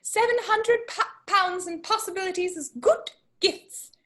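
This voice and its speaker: A woman reading a fussy, comic parson with a put-on accent in a casual amateur play reading, lively and at times laughing through the lines. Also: very high voice, unhurried, heavily acted. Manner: lively, breaks off laughing at her own accent. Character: comic fussy Welsh parson, middle-aged man.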